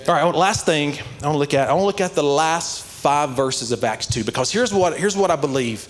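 A man's voice: on the high side, lively intonation, fast, few pauses. A man preaching a sermon, telling a story conversationally and building to earnest, passionate exhortation. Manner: conversational storytelling with many "like" fillers.

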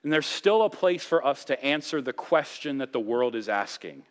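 A man's voice: medium pitch, expressive, moderate pace. Man preaching in an echoing sanctuary. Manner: impassioned preaching, rising and dropping for emphasis. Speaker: pastor. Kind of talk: sermon. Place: church sanctuary.

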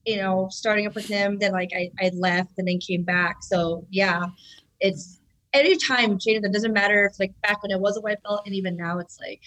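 A woman's voice: medium pitch, a little fast, poor audio. A woman guest on a podcast, chatting casually and animatedly with a lot of "like" and laughter. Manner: lively and laughing, with lots of "like".

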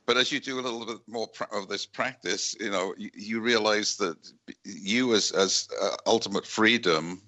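A man hosting a radio interview, halting and reflective, with many fillers as he speaks. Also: lowish voice, bright, forceful tone. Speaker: radio show host.

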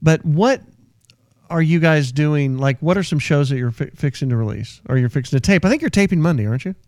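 A man's voice: a little high, animated, brisk, darkish tone, no echo, clean studio sound. A man hosting a radio show in casual on-air chat, eagerly prompting his guest with questions.

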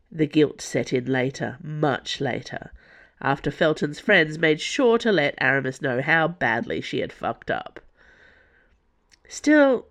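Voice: medium pitch, a bit bright. An audiobook narrator reading scripted fiction expressively.

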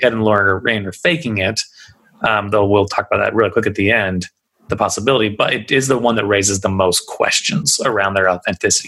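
Husky low-voiced man chatting casually. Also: fairly bright tone. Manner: chatty, loose, lots of fillers. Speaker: podcast host. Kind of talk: casual chat.

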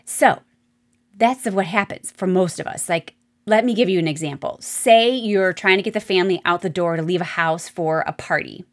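A woman hosting a solo advice podcast as a marriage coach, talking straight to her listeners in a chatty, animated way. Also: on the low side, normal speed.

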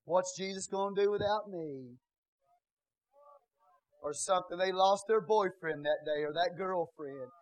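A man preaching a sermon as pastor in a church, dropping to quiet asides and rising to loud shouts. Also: high voice, unhurried, pauses often, no room sound, poor audio.

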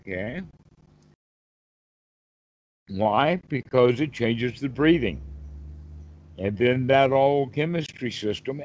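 A man's voice: medium pitch, a little mellow, poor audio. A man, a Buddhist teacher, explaining patiently on a one-on-one call and asking rhetorical questions. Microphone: video call.

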